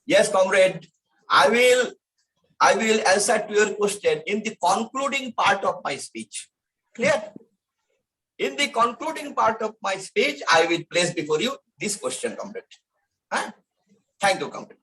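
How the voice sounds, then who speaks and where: Indian-accented male speaker, formal and emphatic, high-pitched, on a video call. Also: expressive, measured pace, sharp tone, low-quality recording. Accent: Indian English. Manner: emphatic, formal, repeats phrases. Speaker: guest speaker. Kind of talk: online Q&A talk.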